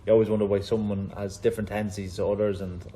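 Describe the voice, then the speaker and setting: Man, host interviewer, quick talker, lowish voice, faint hiss. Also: flat delivery, mellow. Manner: quick, loose questions with many fillers. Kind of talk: casual interview.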